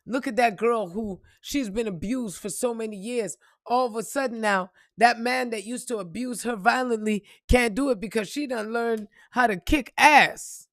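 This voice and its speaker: A woman's voice: fairly high pitch, moderate pace, hardly any pauses, a bit bright, no room sound, studio quality. A woman giving a blunt, emphatic motivational monologue and swearing freely, calling the listener "baby". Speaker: spiritual reader.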